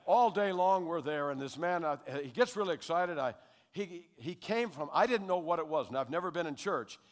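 An older American man giving a lively spoken testimony to a congregation, checking in with his listeners as he tells his story. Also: fairly high pitch, normal speed. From United States. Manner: animated storyteller who keeps checking in with the audience. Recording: long hall reverb.

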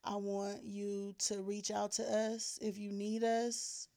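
A woman's voice: mid-range voice, level tone, slow, warm tone. A woman from Los Angeles co-hosting a casual podcast, talking in a heartfelt, candid and slangy way. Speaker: podcast co-host.

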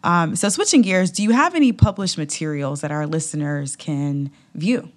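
A woman hosts a podcast, steering the chat and signing off the episode. She speaks in a brisk, friendly manner with a somewhat low voice. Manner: brisk, friendly, scripted wrap-up. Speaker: podcast host. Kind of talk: podcast interviewing and sign-off.

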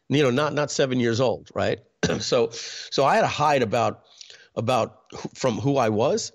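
A man's voice: medium pitch, lively intonation, normal speed. A man, telling a personal story in a conversational way, full of fillers and restarts. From New York. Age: 50s. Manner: conversational, many fillers and restarts, clears throat often.

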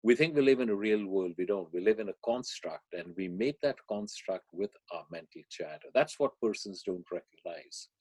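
A man as a podcast guest, explaining ideas and telling a parable in a measured way. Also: lowish voice, lively intonation, darkish tone, breathy edge, no echo. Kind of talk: podcast interview, storytelling.

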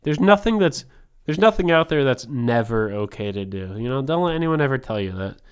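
A man's voice: mid-range voice, animated, brisk, smooth, highs cut off. A man hosting a podcast, delivering a rambling, crude and provocative comedic monologue. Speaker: podcast host.

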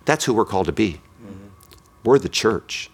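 A man pastor telling a story in a sermon, dropping low and slow for emphasis. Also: lively intonation, gravelly.

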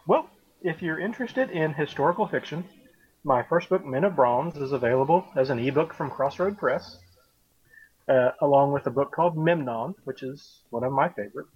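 A man with a mild Southern US accent, an author talking casually in an interview in a relaxed, rambling way. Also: a little high, normal speed, breathy edge, dry recording. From American South. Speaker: author guest. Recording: dull lo-fi remote audio.

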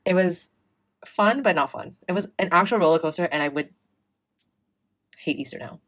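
Low-voiced young woman telling a rant. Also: normal speed. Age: young adult. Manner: animated, swearing, acts out quoted exchanges. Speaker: storyteller in casual chat. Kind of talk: casual chat.

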